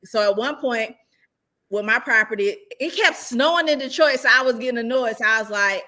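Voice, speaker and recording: Bright-voiced woman giving emphatic advice. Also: fairly high pitch, a little fast. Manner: emphatic, animated, asks rhetorical questions. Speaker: real estate investor sharing experience. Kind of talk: casual conversational advice.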